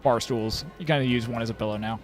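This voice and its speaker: A man's voice: medium pitch, steady tone, fast talker, faint music behind. A young man running a tabletop game as dungeon master, describing scenes with many fillers and restarts.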